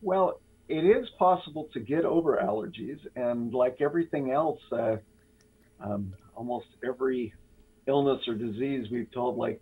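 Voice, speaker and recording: A man's voice: medium pitch, moderate pace, husky. A man speaking as a guest on a radio show, explaining earnestly with some hesitation, heard through a tinny phone line. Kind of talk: casual radio interview.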